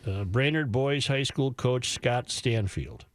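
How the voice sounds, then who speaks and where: A man's voice: medium pitch, slow. A man co-hosting a sports talk radio show, joking wryly with his partner and callers. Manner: wry, joking. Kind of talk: casual sports radio chat.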